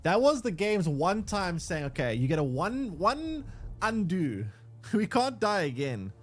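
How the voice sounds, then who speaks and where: A man's voice: sits high, sing-song, measured pace. A man streaming a game, ranting in exasperation and swearing at what happens on screen. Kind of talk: live gameplay commentary.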